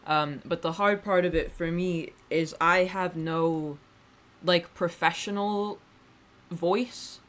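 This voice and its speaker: A woman's voice: lowish voice, fairly even intonation, slow. A woman streamer chatting casually to her viewers, rambling and wry, often restarting her sentences and swearing offhandedly. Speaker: livestreamer. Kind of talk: casual livestream chat.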